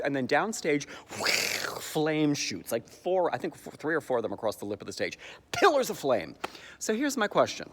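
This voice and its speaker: A man giving a sarcastic comic recap of a stage musical's plot, jumping into high squeaky voices to mock the characters. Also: big pitch swings, moderate pace, a bit bright, big-room sound. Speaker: comedic theatre commentator.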